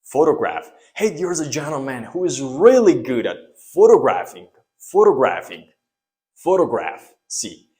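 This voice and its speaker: A man's voice: mid-range voice, sing-song, unhurried, dark tone. A young man, not an English speaker, teaching pronunciation and repeating words for drill. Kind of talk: pronunciation lesson.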